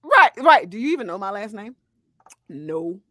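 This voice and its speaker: Animated laughing woman telling a story. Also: mid-range voice, moderate pace, dry recording, clean studio sound. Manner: animated, laughing, swearing, slangy. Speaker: podcast co-host. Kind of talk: casual storytelling chat.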